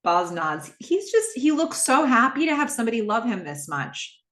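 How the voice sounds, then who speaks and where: A woman's voice: fairly high pitch, big pitch swings, normal speed, a bit bright. A woman hosting a podcast, chattily recapping a TV episode with rambling asides and fillers. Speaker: podcast host. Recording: roomy echo.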